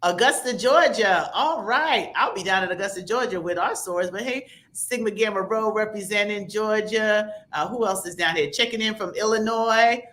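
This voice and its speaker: A woman hosting a live online broadcast, chatty and upbeat, reading viewer comments aloud with quick asides. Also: medium pitch, a bit bright. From American South. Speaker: livestream host. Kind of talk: lively livestream shout-outs.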